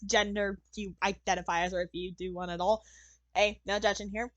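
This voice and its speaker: A young woman hosting a let's-play, joking and reacting with loud exclamations and laughter. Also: medium pitch, moderate pace, dry recording. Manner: excitable, jokey, bursts of loud laughter and exclamations. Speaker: gaming channel host.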